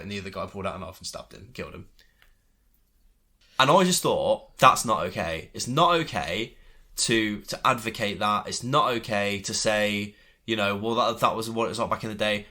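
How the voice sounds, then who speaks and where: Bloke ranting on a podcast, low but bright punchy voice, swears a lot. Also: male voice. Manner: heated ranting and swearing, quoting others in mocking voices. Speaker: podcast co-host. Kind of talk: casual chat.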